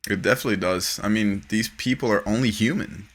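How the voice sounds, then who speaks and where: Podcast host guy telling a story, crisp bright tone, swears a lot, super animated. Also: lowish voice, fast. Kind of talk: casual storytelling chat.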